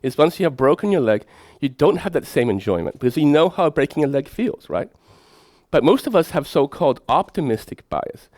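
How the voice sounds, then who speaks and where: A middle-aged man, giving a lecture as a professor, telling lively anecdotes and putting rhetorical questions to his audience. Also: a little high, brisk, no room sound, studio quality. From Sweden.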